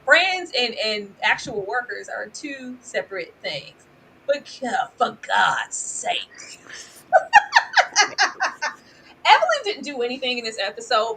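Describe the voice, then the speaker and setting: A woman giving casual, animated commentary on a reality show, laughing often and mimicking people with exaggerated voices. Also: a little high, slight background noise, poor audio. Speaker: reality TV reviewer.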